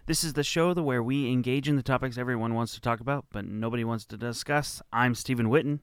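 Smooth-voiced friendly podcast host. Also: male voice, medium pitch, fast talker, dry recording, studio quality. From Midwest of the United States. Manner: friendly, upbeat, with some stumbles. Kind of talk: casual chat.

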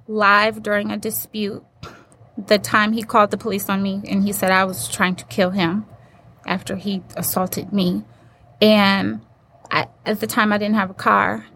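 A woman's voice: mid-range voice, fairly bright tone. A woman guest telling a personal story in an interview, earnest and acting out the voices she quotes. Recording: faint background noise.

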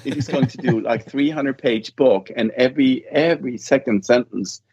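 A man's voice: mid-range voice, moderate pace, darkish tone, slightly rough, no room sound. A man, an author being interviewed, talking casually and rambling with lots of restarts. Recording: dull, dry lo-fi sound.

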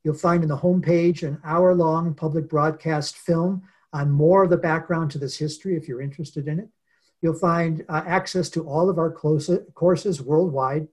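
A man being interviewed as a guest author, telling a story in an earnest, unhurried way with many pauses. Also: fairly high pitch, fairly even intonation, a little mellow. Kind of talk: reflective storytelling in conversation.

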